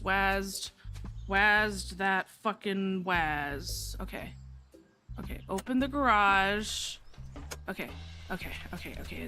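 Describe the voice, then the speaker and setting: A young woman streaming a game live, muttering to herself, swearing freely and breaking into sarcastic rants and loud outcries. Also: medium pitch. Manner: bursts into loud laughing outcries. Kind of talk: live gameplay commentary. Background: faint background music.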